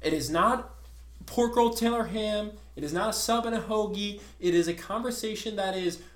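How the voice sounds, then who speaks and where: A man with a South Jersey accent, co-hosting a podcast in casual chat, telling a story in a loud, ranting, swearing way. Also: high voice, normal speed, roomy sound. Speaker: podcast co-host.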